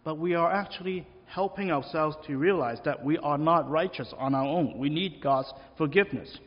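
A man's voice: on the high side, moderate pace. A man preaching a sermon in an easy, conversational way, asking the listeners questions. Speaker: pastor. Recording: long reverb, dull lo-fi sound.

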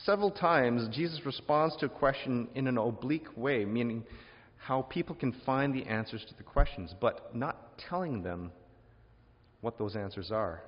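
A man preaching a sermon, lively and wry, acting out quoted questions in different voices and adding joking asides. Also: medium pitch, moderate pace. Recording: dull lo-fi sound with long hall reverb.

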